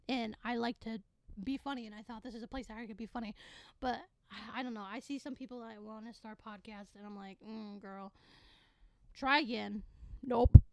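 Teen girl, podcast host, sassy sarcastic rant, bright higher voice, dry close sound. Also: no room sound. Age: teens. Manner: sassy, sarcastic, animated with sudden loud bursts. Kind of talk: casual solo podcast rant.

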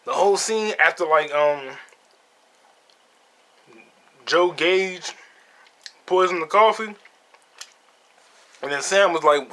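A man with a fairly high, bright, forceful voice talks through a film he just saw, scene by scene. He is loose and profane, laughing at his own retelling as a podcast host. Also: slow, long pauses. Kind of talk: casual solo movie review.

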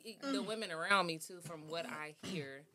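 A woman's voice: fairly low pitch, normal speed, a loud crowd. A woman in a casual podcast chat, talking thoughtfully and searching for words as she goes.

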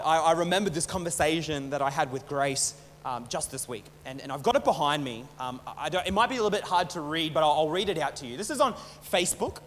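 A man's voice: fairly high pitch, fairly bright tone. A man preaching a casual, conversational sermon as pastor, often repeating and restarting words. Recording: long hall reverb, faint hum.

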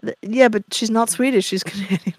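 A woman's voice: medium pitch, a little fast, no room sound. Chatty, opinionated woman on a call. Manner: chatty, opinionated, explains with gusto. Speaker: podcast co-host. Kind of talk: casual chat. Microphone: video call.

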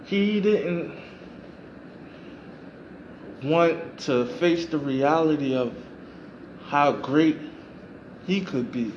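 A man's voice: on the high side, slow pace, a little mellow, highs cut off, slight background noise. A man hosting a podcast, giving a reflective motivational monologue and repeating phrases for emphasis. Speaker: podcast host.

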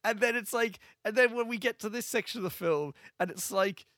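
A young man, co-hosting a casual film podcast, animated and laughing often. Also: sits high, brisk, dry recording, studio quality. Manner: animated, laughs often, acts out scenes in funny voices. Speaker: podcast co-host.

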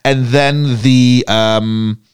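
Man, podcast co-host, critical questioning talk, smooth clear voice, dry sound. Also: medium pitch, very slow, no echo. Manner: critical, questioning, animated reactions. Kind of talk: casual discussion.

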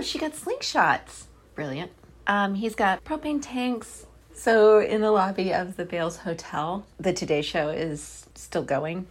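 A middle-aged woman casually recapping a movie, with sarcastic, profane asides, swinging between deadpan remarks and sudden outbursts. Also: on the low side.

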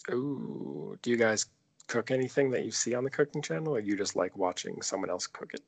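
A man's voice: on the low side, animated, fairly quick, creaky. A man in his thirties co-hosting a podcast, joking and swearing through loose casual chat. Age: 30s. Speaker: podcast co-host.

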